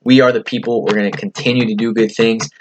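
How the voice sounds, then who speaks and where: Speaking fast at medium pitch with little variation, a California-based podcast host rambles earnestly through motivational talk, sprinkled with "you know" and casual cursing. A slight hiss or hum runs under the recording.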